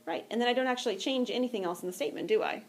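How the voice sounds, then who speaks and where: A woman's voice: fairly high pitch, very fast. Patient woman teaching a classroom math lesson. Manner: patient, conversational, checks in with students often. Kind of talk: classroom lecture.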